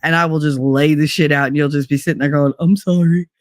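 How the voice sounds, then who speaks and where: A woman's voice: deep voice, flat delivery, fast talker, no echo, studio quality. A woman hosting a livestream talk show, chatting casually with her audience as a blunt, profane, laughing storyteller who slips into put-on accents. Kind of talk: casual chat to a live chat audience.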